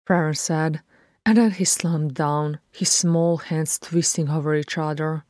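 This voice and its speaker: Low-voiced woman narrating a story. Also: dry recording, studio quality. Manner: steady, measured storytelling. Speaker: reader. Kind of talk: audiobook fan fiction narration.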